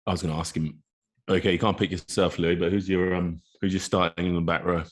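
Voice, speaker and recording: A man's voice: low voice, flat delivery, fast. A man co-hosting a casual podcast, chiming in with chatty interjections and questions. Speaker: podcast co-host.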